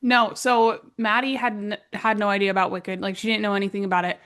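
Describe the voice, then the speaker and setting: A woman's voice: medium pitch, flat delivery, a little fast, fairly bright tone, smooth. A young woman co-hosting a podcast in casual chat, chiming in with eager agreement and her own anecdote. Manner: chatty, eager agreement and asides. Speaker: podcast co-host.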